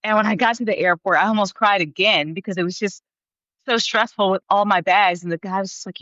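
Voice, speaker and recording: A woman in her thirties, a podcast guest, telling her story in an animated way, laughing often and acting out what people said. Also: medium pitch, fairly quick, no room sound, muffled recording. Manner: animated, laughs often, acts out quoted voices. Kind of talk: storytelling in an interview.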